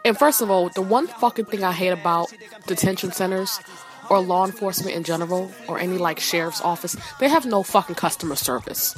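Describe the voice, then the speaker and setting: A woman telling a story in a casual, profane, animated rant, with sassy asides. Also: on the low side, fairly quick, faint music behind.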